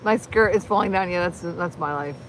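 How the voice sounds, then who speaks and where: A woman hosting a casual live stream, chatting in a rambling, excitable way. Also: lowish voice, fairly quick, noisy background. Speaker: livestream host.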